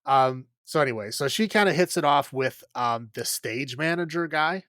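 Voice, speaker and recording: Casual male podcast host, mid-pitched, chatty and meandering with plenty of "um" and "like", recorded dry and close. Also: expressive, normal speed, fairly bright tone, dry recording. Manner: rambling, filler-heavy, laughs often. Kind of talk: casual chat recapping a film.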